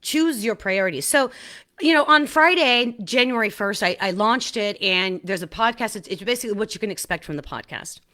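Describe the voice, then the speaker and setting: A woman hosting her own podcast in a casual, animated solo talk, laughing at herself and often restarting her sentences. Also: medium pitch, moderate pace. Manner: excited restarts and repeated words. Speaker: podcast host.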